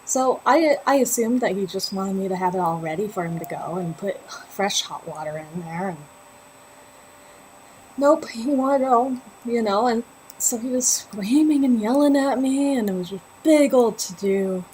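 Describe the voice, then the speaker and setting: A woman's voice: mid-range voice, moderate pace, a little hiss or hum, poor audio. A woman hosting a knitting livestream, chatting and laughing as she tells a personal story. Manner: chatty and animated, laughing often. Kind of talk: casual storytelling while knitting.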